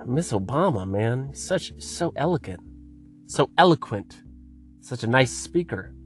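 A man's voice: mid-range voice, sing-song, takes it slowly, faint music behind. A man hosting a podcast, delivering a profane comedic rant in an exasperated, swearing manner. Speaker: podcast host.

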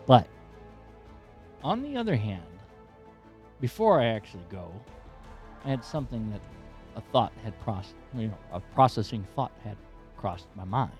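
A man hosting a podcast, telling a personal story in a rambling, animated, profane way. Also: fairly low pitch, moderate pace, pauses often, faint music behind. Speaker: podcast host.

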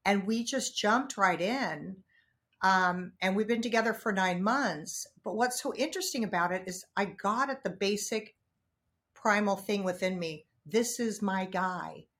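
A woman talking as a podcast guest, telling personal stories frankly and animatedly, jumping from loud outbursts to hushed asides. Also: mid-range voice, unhurried. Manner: frank, casual swearing. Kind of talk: candid conversational storytelling.

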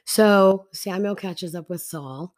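A woman's voice: on the low side, takes it slowly. A woman teaching a Bible story in a casual, chatty way, retelling scripture in slangy everyday speech.

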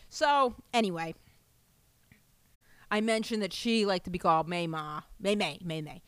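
A woman tells a comic story at a loose, rambling pace, swearing freely and leaning into animated asides. The recording is close and dry, with no room sound, and has the feel of a home podcast mic. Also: mid-range voice, fairly quick, no echo.

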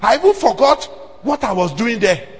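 A man with a Nigerian accent preaching a sermon, telling stories in an animated way that swings from hushed asides to shouts. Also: very high voice, normal speed, husky, long reverb tail. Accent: Nigerian, Yoruba-speaking. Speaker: pastor.

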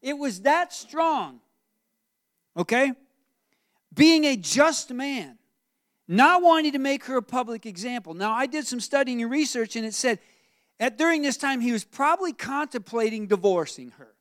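A male pastor preaching to his congregation, his voice sitting high for a man. He tells the story with animated asides and keeps asking the room questions. The sound is dry and close. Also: moderate pace, dry recording. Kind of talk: sermon.

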